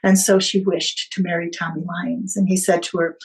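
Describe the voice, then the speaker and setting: A woman podcast guest retelling a family story in conversation, animated, with small hesitations and restarts. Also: lowish voice, brisk, hardly any pauses, low-quality recording.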